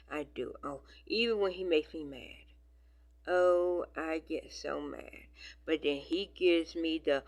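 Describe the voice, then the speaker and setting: A woman chatting casually on her vlog, rambling with many fillers and dropping into soft whispers at times. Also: sits low, takes it slowly, gravelly. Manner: rambling, filler-heavy, affectionate talk. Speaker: vlogger. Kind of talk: casual chat.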